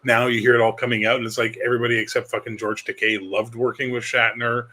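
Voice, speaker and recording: A man co-hosting a casual chat, swearing freely and telling stories in an animated way. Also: medium pitch, fast talker. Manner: profane, animated storyteller doing voices. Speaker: podcast co-host.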